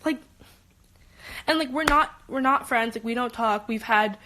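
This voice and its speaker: A teenage girl from Los Angeles, a high school student telling an upset personal story in quick bursts full of restarts. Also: background noise. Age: teens. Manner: animated, rapid, many restarts. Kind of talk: emotional personal rant.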